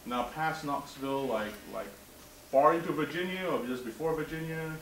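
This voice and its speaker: A man's voice: a little high, normal speed. A man running a mock interview at a seminar, often stammering and repeating words while he asks questions. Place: seminar room. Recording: roomy, distant, noisy room recording.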